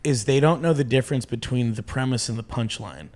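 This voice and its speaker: A man who is a stand-up comedian, chatting as a podcast guest, telling animated, profane stories and acting out what people said. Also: medium pitch, fairly quick. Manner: animated storyteller, profane, acts out quotes. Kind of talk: casual podcast chat.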